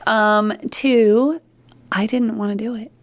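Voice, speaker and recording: A woman's voice: fairly high pitch, slow pace. A woman, a podcast guest, telling personal stories in a casual interview and acting out the dialogue. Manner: lively storytelling, acts out quoted dialogue.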